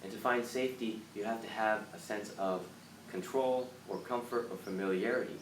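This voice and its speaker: A man's voice: on the low side, moderate pace. Man giving an earnest motivational live talk. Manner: earnest, animated, acts out panicked voices. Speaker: live stream host. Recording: roomy, from a distance, faint background noise.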